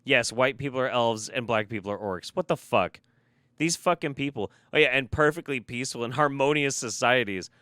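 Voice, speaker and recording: A man rants through a reaction commentary, profane and exasperated, often repeating short phrases for emphasis. His voice is smooth and clear. The sound is dry and close, with no room around it. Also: medium pitch, moderate pace, bright, forceful tone, no echo. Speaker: commentary video host.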